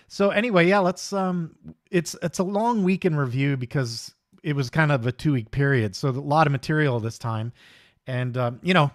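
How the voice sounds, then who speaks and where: A man's voice: mid-range voice, no echo, clean studio sound. A middle-aged man hosting a live hobby stream, chatting casually in a rambling, easygoing way and greeting viewers by name. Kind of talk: casual livestream chat.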